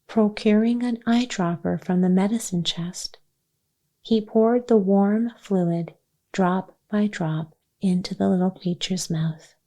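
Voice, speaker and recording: A woman gently narrating a children's chapter book as a soothing bedtime story for sleep. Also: medium pitch, fairly even intonation, slow. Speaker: audiobook narrator.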